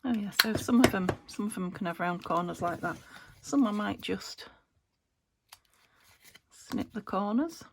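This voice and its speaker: A woman's voice: medium pitch, unhurried, gravelly, noisy background. A woman vlogging about her crafts, chatting casually and thinking aloud as she works, sometimes half-whispering. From United Kingdom. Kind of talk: casual crafting chat to camera.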